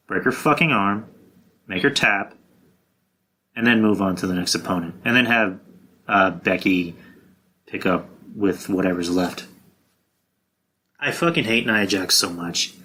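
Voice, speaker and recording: A man hosting his own podcast, talking loosely and bluntly with plenty of swearing and restarts. His voice is bright and forceful and sits a little low for a man. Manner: blunt and profane, with frequent restarts. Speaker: podcast host. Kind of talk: casual wrestling predictions monologue.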